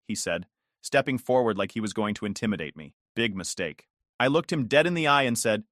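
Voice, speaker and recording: A man's voice: on the low side, expressive, fairly quick, fairly bright tone, no room sound, clean studio sound. A man narrating a dramatic first-person story in an indignant, emphatic way.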